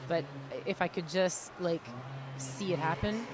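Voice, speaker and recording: A woman's voice: lowish voice, unhurried, background noise. A woman from Canada with a Maritime accent doing live roller derby commentary, chatty and self-deprecating. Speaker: roller derby announcer and skater. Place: indoor arena.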